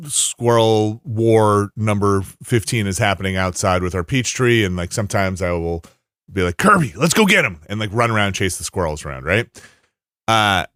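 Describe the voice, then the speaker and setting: A man's voice: fairly low pitch, fairly even intonation, normal speed, a bit bright, clear, resonant tone, dry recording, studio quality. A man hosting a casual podcast, telling rambling stories with many restarts. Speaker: podcast host.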